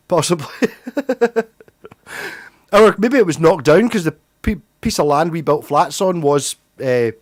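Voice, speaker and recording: A man's voice: fairly high pitch, no echo, clean studio sound. A middle-aged man, hosting a livestream and chatting loosely with viewers, rambling and swearing freely. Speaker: livestream host. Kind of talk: casual livestream chat.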